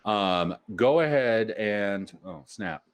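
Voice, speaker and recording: A man acting as game master, calmly narrating a tabletop game over a video call. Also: fairly low pitch, slow, smooth.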